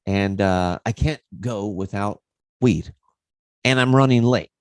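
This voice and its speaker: A man's voice: on the low side, takes it slowly, clean tone, no echo, studio quality. A man hosting a fitness livestream, telling a rambling story in a casual way and swearing freely.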